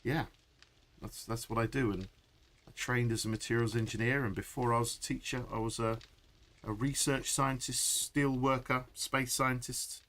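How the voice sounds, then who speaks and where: A man's voice: mid-range voice, fairly even intonation, moderate pace, fairly bright tone. A middle-aged man chatting through a live gameplay stream, laughing often and answering chat. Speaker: game streamer.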